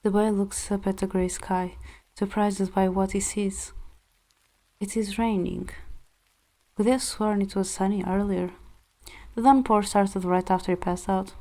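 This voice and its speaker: A woman's voice: medium pitch, steady tone, a little slow. A woman streamer reading a romance visual novel aloud, narrating expressively and breaking off now and then for chatty asides. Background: soft background music.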